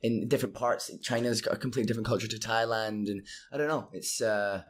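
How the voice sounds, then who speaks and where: A man's voice: on the low side, quick pace. Agreeable Scottish man. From Scotland. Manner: agreeable, lots of short backchannels. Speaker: podcast guest. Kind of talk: casual chat.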